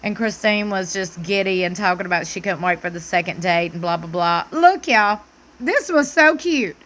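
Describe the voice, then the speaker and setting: A woman's voice: mid-range voice, lively intonation, moderate pace, fairly bright tone. A woman with a Southern US accent giving a sassy, casual recap of a reality TV show. She talks back to the screen and adds preacher-like asides. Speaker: TV recap host.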